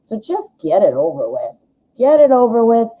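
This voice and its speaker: A woman's voice: fairly high pitch, very animated, moderate pace, warm tone, husky, rough recording. A woman giving a chatty live tarot reading, reassuring and thinking aloud with plenty of fillers. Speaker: tarot reader.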